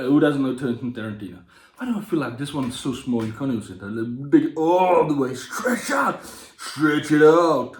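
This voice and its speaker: A man's voice: a little high, a little mellow. Playful man reviewing books, roomy sound. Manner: playful, jokey asides, many restarts. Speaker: book channel host. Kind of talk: casual book review vlog. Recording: roomy echoey room.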